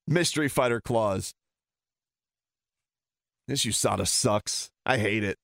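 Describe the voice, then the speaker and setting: A man's voice: medium pitch, a little slow, long pauses, fairly bright tone, dry recording, clean studio sound. A man ranting heatedly and sarcastically as a sports talk host.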